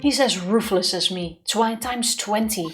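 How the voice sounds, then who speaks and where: A woman reading the lines of a cold, proud male prosecutor in a measured, stern way, with game music behind. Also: medium pitch, lightly acted.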